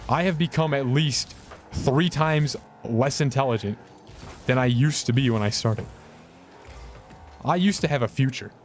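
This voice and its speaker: A young man streaming a game, chatting casually with viewers in a rambling, self-mocking way, his pitch jumping up and down. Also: a little slow, pauses often, soft background music. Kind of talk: casual gameplay commentary.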